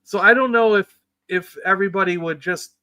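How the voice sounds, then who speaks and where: A man's voice: sits high, brisk, bright, forceful tone, no echo, rough recording. A man co-hosting a casual chat, telling a family story and laughing easily. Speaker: podcast co-host. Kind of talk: casual after-show chat.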